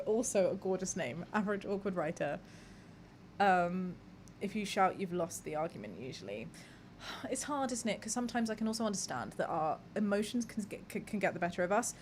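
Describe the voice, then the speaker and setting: A woman's voice: medium pitch, a little hiss or hum. A young woman hosting a live podcast, chatting candidly with her audience, reading messages aloud and swearing casually. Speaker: podcast host. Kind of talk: casual live-stream chat.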